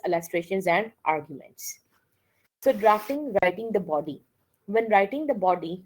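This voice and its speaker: A woman's voice: fairly low pitch, a little mellow, low-quality recording. A woman giving a classroom lecture, mixing languages and often checking with "okay?". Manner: code-switches and keeps checking with "okay?".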